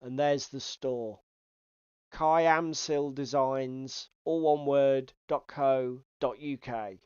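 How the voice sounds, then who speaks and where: A man's voice: mid-range voice, steady tone, slow pace, darkish tone, smooth, no room sound. A man co-hosting a casual podcast chat, reading out viewer comments and swearing freely. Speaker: podcast co-host. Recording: dull, slightly lo-fi sound.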